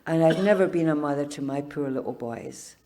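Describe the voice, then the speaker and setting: An older woman giving a personal testimony at a recovery meeting, telling her story with humor and laughing often, growing soft and tender on the emotional parts. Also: deep voice, expressive, a little fast.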